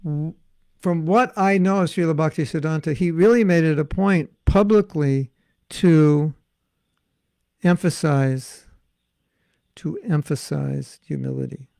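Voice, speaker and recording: A man's voice: a little high, unhurried, creaky, pauses often, mellow, no echo. An American man, a spiritual teacher, giving an online class with questions and answers, playful, often acting out little dialogues and laughing. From United States.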